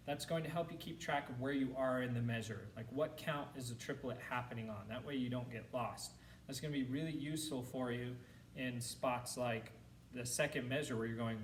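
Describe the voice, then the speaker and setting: A man's voice: mid-range voice, fairly even intonation, normal speed, far from the mic, slight background noise, poor audio. A man teaching a school band lesson, explaining rhythms and chanting counts and syllables aloud for his students. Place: classroom.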